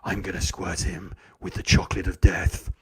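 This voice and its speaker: A man's voice: low voice, little pitch movement, normal speed, a little mellow, husky, voice pushed down. A man voicing a cocky teenage male school bully who boasts and taunts. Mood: gloating.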